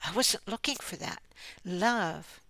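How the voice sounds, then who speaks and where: An older woman giving a gentle devotional message, often dropping into a soft whisper and laughing lightly as she speaks. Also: medium pitch, expressive, slow pace, gravelly, no room sound. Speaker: Christian speaker.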